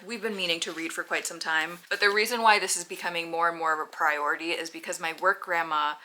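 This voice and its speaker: A woman's voice: on the low side, bright, forceful tone, a little hiss or hum. A woman book vlogger chatting casually to camera in a playful, self-deprecating way.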